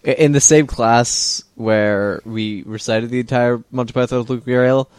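A man's voice: medium pitch, steady tone, unhurried, darkish tone, clean tone, no room sound. Dry-voiced man on a commentary chat. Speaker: co-host.

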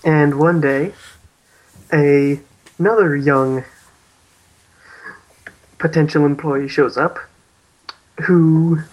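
A man's voice: a little high, fairly even intonation, extremely slow, long pauses, rough recording. A man co-hosting a casual podcast, hesitantly recapping a story and laughing often. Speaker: podcast co-host.

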